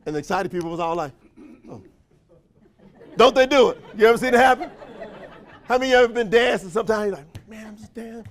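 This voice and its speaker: A man giving an energetic motivational speech to a live audience, throwing call-and-response questions to the crowd in folksy, slangy language. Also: sits high, very fast. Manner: folksy, slangy phrasing with frequent laughs. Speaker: motivational trainer for a sales company.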